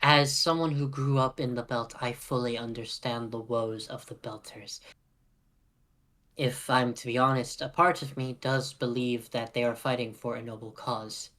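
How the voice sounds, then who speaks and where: A man voicing an earnest young woman military officer in a tabletop role-play, speaking in a measured, speechlike way. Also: medium pitch, fairly even intonation, a bit bright, close to an everyday voice.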